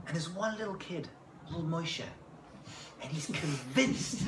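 A male rabbi gives a lively class lecture with a fairly high, very expressive voice, dropping in jokes as he goes. The room is echoey, and there is steady noise in the background. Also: brisk. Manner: animated, joking asides, asks the audience "right?". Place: class room with a live audience.

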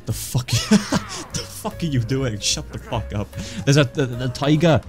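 A man's voice: mid-range voice, moderate pace, faint music behind. Swearing, joking gaming commentator man. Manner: joking, swears a lot, excitable reactions. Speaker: gaming YouTuber. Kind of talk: casual let's play commentary.

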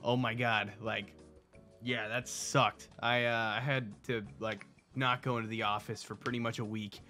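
A young man in the middle of his vocal range rants through a storytime, swearing freely and acting out both sides of a conversation. He's just getting over a cold and still clears his throat. Faint music plays underneath. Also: medium pitch, moderate pace. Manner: profane, joking, animated retelling with quoted dialogue. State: recovering from a cold, coughing. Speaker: host. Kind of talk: casual storytime rant.

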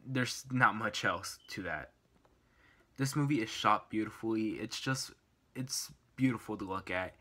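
A man's voice: lowish voice, measured pace, bright, forceful tone. A young man giving a casual, enthusiastic movie review, rambling with fillers and restarts.

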